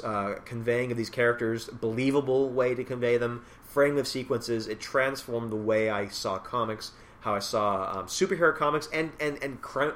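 A man's voice: mid-range voice, a bit bright. A man in a casual chat, enthusiastically talking about comics and reading bits of dialogue aloud.

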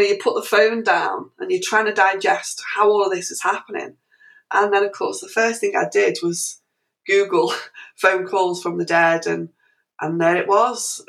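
A middle-aged woman, an interview guest, telling a story in an animated way with many restarts and fillers. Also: lowish voice, vocal fry, rough recording.

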